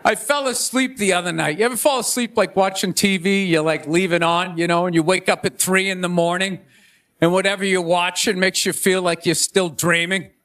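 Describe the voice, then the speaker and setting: A man doing a loud, ranting stand-up set on a theater stage, shouting his punchlines. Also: high voice, steady tone, a little fast. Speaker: stand-up comedian. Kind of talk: stand-up monologue. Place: theater stage before a laughing audience. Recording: live show with audience laughter and noise.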